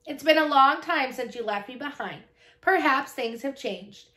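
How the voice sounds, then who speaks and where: A woman's voice: high-pitched, lively intonation, moderate pace, sharp tone, pitched above the performer's own voice. Crenshaw, a woman doing a prim giant imaginary cat. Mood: wistful. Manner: prim, old-fashioned diction. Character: huge formal male imaginary cat, aloof. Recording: roomy echo.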